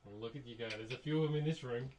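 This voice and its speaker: A man running a quick-fire question segment, teasing and jokey. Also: mid-range voice, darkish tone, a little hiss or hum, low-quality recording. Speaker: segment host, co-host.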